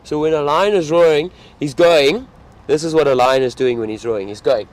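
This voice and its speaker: A man's voice: fairly high pitch, animated, normal speed, darkish tone. A man with a South African accent, a safari guide chatting casually on a live stream from an open vehicle and reading out viewer comments.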